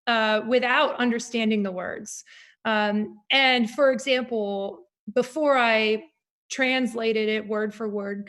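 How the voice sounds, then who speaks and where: A woman opera singer talking in an interview, animated and reflective, with frequent fillers. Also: on the high side. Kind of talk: conversational interview.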